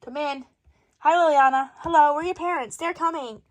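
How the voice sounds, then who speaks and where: A woman performing an improvised skit, switching rapidly between many bickering characters in different voices. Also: high voice, dry recording, studio quality. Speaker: storyteller voicing every character. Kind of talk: improvised doll-play skit.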